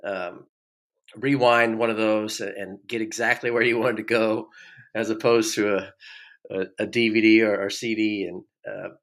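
A man's voice: on the low side, a bit bright. A middle-aged man and former ballplayer hosting a podcast, telling rambling stories with repeated words and chuckles. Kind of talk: casual storytelling chat.

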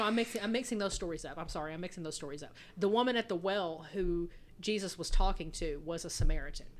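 A woman co-hosting a podcast in casual chat, animated and quick to laugh, swearing freely. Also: on the low side. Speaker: podcast co-host.

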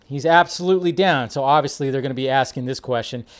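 A man hosting a casual film-news livestream, talking in an animated, swearing, excitable way. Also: medium pitch, quick pace. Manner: animated, swears often, loud bursts. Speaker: host.

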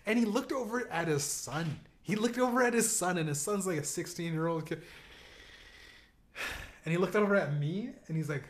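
Male podcast host, casual profane storyteller, lively swooping pitch, frequent laughter. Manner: profane, laughing, animated storytelling with acted-out quotes.

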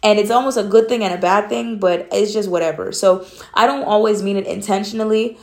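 A woman's voice: medium pitch, brisk, darkish tone. A young woman from Atlanta hosting a casual solo podcast, talking in a blunt, candid, matter-of-fact way. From Atlanta, USA. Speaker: podcast host.

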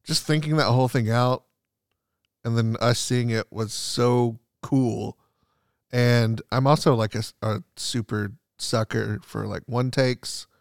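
An excitable man gushing in casual podcast chat, with a rough, gravelly edge to his voice. He keeps saying "like" and acts out the scenes he describes. The sound is dry and close, with no room around it. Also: mid-range voice, a little slow, dry recording. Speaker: podcast co-host.

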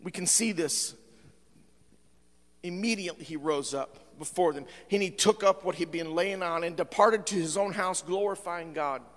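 A male pastor preaching a sermon, with frequent "uh" fillers, swinging between fervent shouting and quieter appeals. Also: high voice, normal speed. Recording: long hall reverb.

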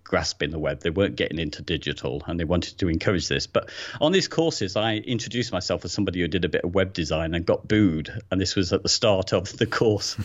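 Low-voiced man, dull sound. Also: animated, brisk. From England. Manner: hesitant, repeats words when starting. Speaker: podcast co-host. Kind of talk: casual podcast chat.

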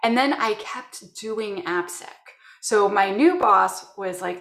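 Speaking slowly with a creaky, medium-pitched voice and few pauses, the Canadian woman from security shares work stories in a conversational interview. She's an animated storyteller who performs her colleagues' quotes, and the room has an echo.

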